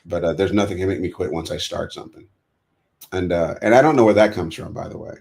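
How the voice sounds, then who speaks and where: A man's voice: deep voice, fast talker, creaky. An American man telling stories about his past in an interview, acting out the voices of the people he quotes. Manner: animated storyteller, acts out quoted dialogue. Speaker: guest. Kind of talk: storytelling interview.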